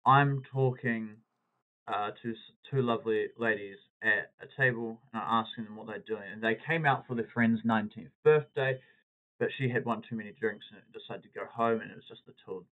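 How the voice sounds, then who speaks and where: A man, hosting a podcast and telling a story in a casual, animated way, acting out what people said. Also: on the low side, a little fast. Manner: animated anecdote-telling, acting out quoted lines. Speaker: podcast host. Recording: tinny phone-like audio.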